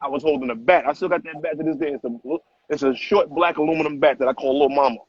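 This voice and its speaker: Fast-talking profane male author. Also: on the high side, breathy edge, no echo. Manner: animated, profane street slang. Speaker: author guest. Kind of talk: casual interview storytelling. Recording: muffled lo-fi sound.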